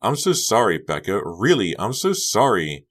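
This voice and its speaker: A man's voice: on the low side, very animated, normal speed, fairly bright tone, voice pushed up. A man voicing a clingy, unsettling teenage girl in a storybook reading, sugary and insistent. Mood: pleading.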